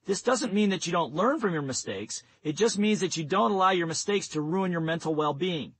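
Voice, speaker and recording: A man narrating a nonfiction audiobook in a steady, instructive reading voice. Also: high-pitched, fairly quick, no room sound, low-quality recording. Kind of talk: scripted narration.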